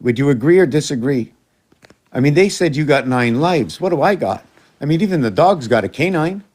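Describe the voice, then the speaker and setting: A man's voice: on the high side, animated, fairly quick, a little mellow. A man in a rambling, casual monologue who talks to his cats in a raised, coaxing voice and jumps between loose ideas.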